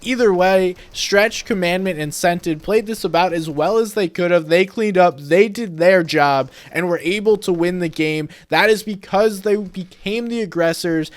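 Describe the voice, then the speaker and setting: A young man with a high, light voice talks through gameplay footage in a voice-over. His delivery is steady and analytical, like a coach breaking down a match for viewers. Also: moderate pace, hardly any pauses. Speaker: video creator and game analyst. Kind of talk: explanatory game commentary voice-over.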